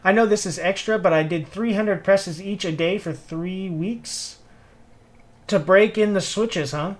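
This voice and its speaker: A man's voice: sits high, unhurried. A man from Tennessee with a Southern accent, chatting casually with viewers on a livestream while he works, greeting people and humming to himself. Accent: Southern American (Tennessee). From Tennessee, USA. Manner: laid-back, greets viewers, mutters and hums while working.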